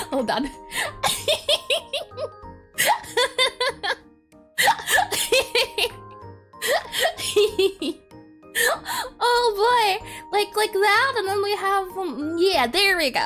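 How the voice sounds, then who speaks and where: A woman with a high, bouncy voice chats casually on a drawing stream and giggles often. She reads viewer comments aloud and answers them. Soft music plays behind her. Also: very animated, very slow. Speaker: art streamer. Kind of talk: casual live-stream chat while drawing.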